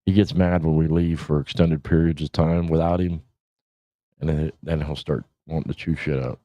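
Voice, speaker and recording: A man's voice: a bass voice, steady tone, normal speed, dark tone, no room sound. A middle-aged man hosting a casual livestream, rambling, swearing and laughing as he talks. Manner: rambling, profane, laughs often. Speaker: podcast host. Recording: dull lo-fi stream audio.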